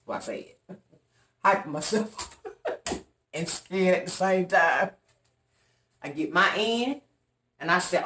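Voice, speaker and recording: A woman's voice: on the low side, slow pace, long pauses. A woman vlogger telling a long story to her viewers in a casual, dramatic way, acting out the voices of the people in it. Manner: animated, dramatic retelling with loud quoted voices. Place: room in an apartment. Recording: echoey room, voice off-mic.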